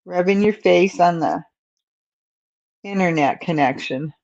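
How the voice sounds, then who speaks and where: A woman hosting a crochet livestream drifts between baby talk to her cat and rambling asides. Her voice sits low and moves at a very slow, easy pace. The sound is a little dull and lo-fi. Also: darkish tone. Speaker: crochet channel host. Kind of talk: casual livestream chat.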